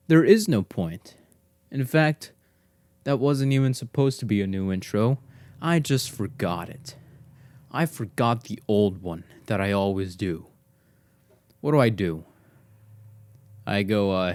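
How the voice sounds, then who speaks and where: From his home garage, a man hosts his own podcast, rambling casually and poking fun at himself in a solo monologue. His lowish, darkish voice moves a little slowly with frequent pauses, recorded with no echo through a desk mic into his computer.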